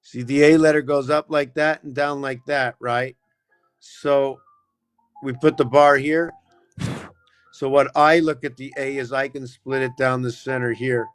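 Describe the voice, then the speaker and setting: A man's voice: mid-range voice, fairly bright tone. A man hosting a live stream, explaining numbers and letter shapes in a loose, rambling way and constantly checking in with "right?". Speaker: livestream host. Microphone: phone camera.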